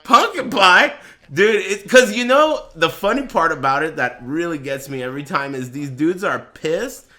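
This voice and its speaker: A man's voice: a little high, normal speed, few pauses. A man hosting a livestreamed podcast in casual chat, telling stories animatedly with a lot of swearing and laughter. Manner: profane, animated storytelling with frequent laughter. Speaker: streamer and podcast host.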